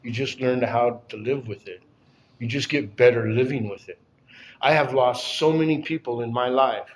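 An older man giving a plainspoken, emotional personal testimony at a recovery support meeting, often halting and repeating himself. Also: medium pitch, slight background noise.

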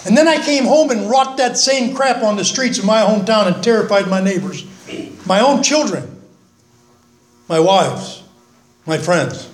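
A man's voice: high-pitched, lively intonation, unhurried, pauses often. An older man giving a folksy, earnest talk at a recovery meeting, with self-mocking humor. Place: meeting room, speaking from the front. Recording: echoey meeting room.

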